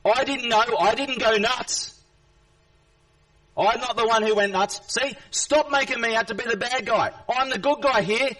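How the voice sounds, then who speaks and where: A man's voice: very high voice, normal speed, bright, forceful tone, recorded from a distance, poor audio. A man in an angry, confrontational rant at a chat viewer during a live stream, repeating himself and swearing.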